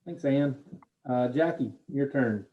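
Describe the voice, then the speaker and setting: A man with a Southern US accent runs the introductions on a video call, moving briskly from one person to the next. His voice comes through a tinny, phone-like line at an ordinary middle pitch. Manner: brisk, calling on each person in turn. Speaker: meeting moderator.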